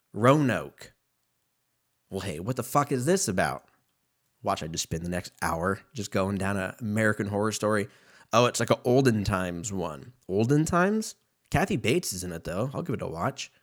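A man's voice: fairly low pitch, animated, moderate pace, a bit bright. A man rambling in a casual, profane solo monologue, laughing often and drifting between topics.

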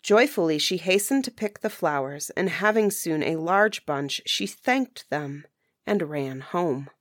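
A woman reads a fairy tale in a slow, measured way, lingering over each phrase. Her voice sits on the low side and sounds close and dry, with no room around it. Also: expressive, no room sound. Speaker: storyteller. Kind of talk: storybook reading.

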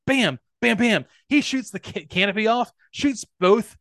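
A man's voice: high-pitched, a little slow, no echo, studio quality. A man co-hosting a podcast, casually and animatedly retelling a cartoon episode and acting out the characters' lines. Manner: animated storytelling, acts out quotes, laughs often. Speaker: podcast co-host.

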